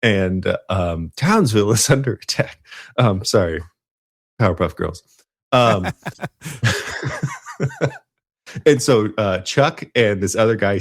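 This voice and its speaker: A man with a deep, low voice tells a film's plot in loose, casual podcast talk. He rambles and stops to correct himself, and he laughs often as he goes. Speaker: podcast co-host. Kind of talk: casual movie recap.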